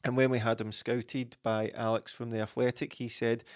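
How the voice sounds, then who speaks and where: A man on a football podcast giving a measured, steady read on a defender. His pitch barely moves, staying level and even as he talks. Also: clean tone. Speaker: podcast co-host. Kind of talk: casual football podcast chat.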